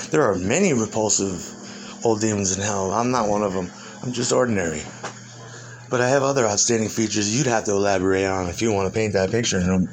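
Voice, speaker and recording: In a mid-range voice, with slight background noise behind him, a man ad-libs a rambling speech in character as an age-old demon. His talk is profane and full of laughter, and he keeps breaking off to restart or trail away.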